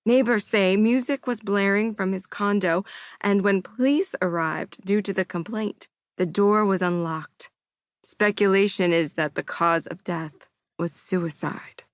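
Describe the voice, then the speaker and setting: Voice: mid-range voice, unhurried, no echo, clean studio sound, natural voice. A woman narrator voicing a morning radio co-host reading news. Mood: somber.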